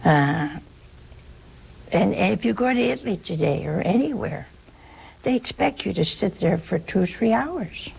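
This chatty older American sister spins folksy spiritual stories, laughing as she acts out what people said. She's animated yet unhurried, her medium-pitched voice a little mellow, slightly rough and full of vocal fry, on a low-quality recording.

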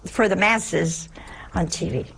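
A woman's voice: lowish voice, expressive, slow, creaky, fairly bright tone, slight background noise. A woman, a religious sister, giving a sermon in an emphatic way, posing rhetorical questions and dropping at times into a whisper.

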